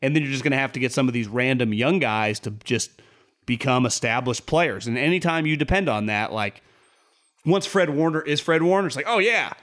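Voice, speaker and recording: A man's voice: medium pitch, brisk, a bit bright. A man co-hosting a sports podcast, rambling in casual chat and jumping his voice up to quote people. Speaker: podcast co-host.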